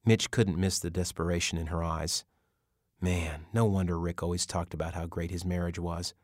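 Deep-voiced male audiobook narrator. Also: steady tone, moderate pace, dry recording, studio quality. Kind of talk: scripted narration.

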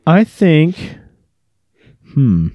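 A man's voice: fairly high pitch, huge pitch swings, drawn-out words, dry recording, dull audio. A man co-hosting a podcast in casual chat, laid-back, mostly giving short agreeing replies. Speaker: podcast co-host.

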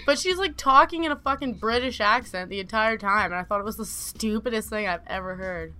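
A woman's voice: mid-range voice, fairly quick, bright, forceful tone, clear, resonant tone. A young woman co-hosting a podcast, chatting casually, swearing freely and laughing through her stories. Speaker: podcast co-host. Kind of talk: casual chat.

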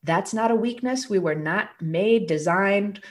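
An earnest woman talking in an easygoing conversational interview. Her voice sits at a middle pitch, and she speaks with emphatic, lively energy. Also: a little slow. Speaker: guest speaker on recovery.

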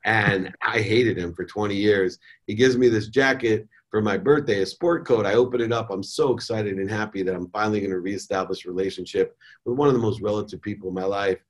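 A middle-aged man speaks as a guest on a podcast, recounting his own life lessons. His voice sits on the low side, and his delivery is candid and animated, with casual words like "man" and "dude" scattered through it. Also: brisk. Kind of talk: personal storytelling in an interview.

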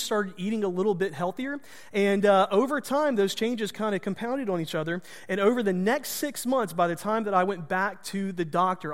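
High-voiced pastor telling a story. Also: male voice, in a large hall. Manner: conversational, self-deprecating humor. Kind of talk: storytelling sermon.

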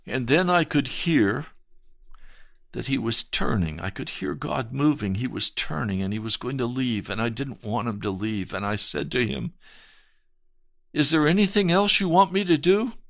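A man's voice: medium pitch, expressive, moderate pace, creaky, a bit bright, no room sound, clean studio sound. A male pastor telling his personal testimony in a sermon, earnest and storytelling, with dramatic swells.

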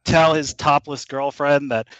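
A man joining a casual podcast as a guest, wry and measured. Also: a little high, steady tone, fairly bright tone, no room sound, poor audio.

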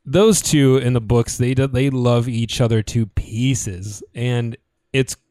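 A man's voice: medium pitch, slow pace, no room sound. Chatty man from Michigan, dry sound. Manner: chatty, animated, frequent restarts and laughs. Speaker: podcast co-host. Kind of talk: casual chat.

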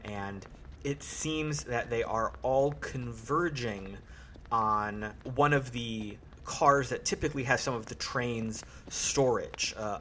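A man narrating a tabletop horror game as game master, in a measured, unhurried way. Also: fairly low pitch, a bit bright, a little hiss or hum.

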